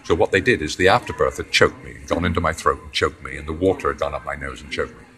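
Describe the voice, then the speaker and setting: An English man in his seventies with a deep voice, rambling through long anecdotes as an interview guest. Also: fast talker, sharp tone. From England. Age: 70s. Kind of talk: anecdotal storytelling. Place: indoors near a corridor.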